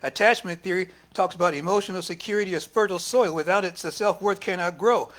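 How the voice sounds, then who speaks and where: A man preaching a sermon as minister, lively and talking back and forth with the congregation. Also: high-pitched, quick pace. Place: church service.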